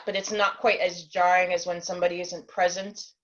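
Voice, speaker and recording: A woman's voice: lowish voice, steady tone, quick pace. Chatty woman on dull lo-fi call audio. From New Jersey. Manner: chatty, many fillers. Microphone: video call.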